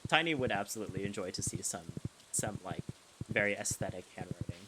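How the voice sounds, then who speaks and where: Fairly low-pitched and fairly quick, a young man with lively intonation chats while he streams a game. He rambles, laughs frequently and begins his sentences again, with game music and background noise in the mix.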